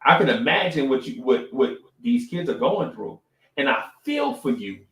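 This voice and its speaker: Animated middle-aged man, echoey room. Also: medium pitch, moderate pace. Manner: animated storytelling, repeats phrases, says "right?" often. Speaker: podcast co-host. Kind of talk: casual live-stream talk.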